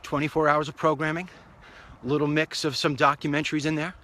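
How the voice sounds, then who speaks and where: A man's voice: fairly high pitch, flat delivery, fairly quick, bright, forceful tone, slight background noise. A man hosting his own online show, chatting in a rambling, upbeat way while walking outdoors along a street. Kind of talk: casual walk-and-talk monologue.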